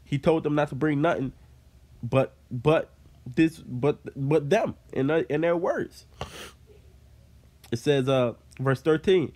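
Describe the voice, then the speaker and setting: A man with a slightly high, somewhat mellow voice leads an informal Bible study, speaking slowly with long pauses. He reads scripture aloud, then explains it casually, using fillers like "man."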